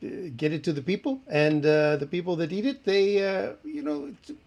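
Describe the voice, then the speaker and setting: A man playing a proud male chef who speaks with a put-on French accent and hesitant, halting delivery in an improvised comedy podcast bit. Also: high-pitched, lively intonation, gravelly, a little mellow. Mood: smug. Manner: halting, full of "uh" pauses. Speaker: guest chef.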